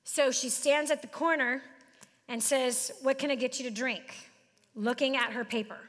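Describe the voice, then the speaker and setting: Bright, high-voiced woman speaking in a hall. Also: moderate pace. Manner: animated, joking, addresses audience directly. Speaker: business speaker. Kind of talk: live seminar talk. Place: large hall with audience.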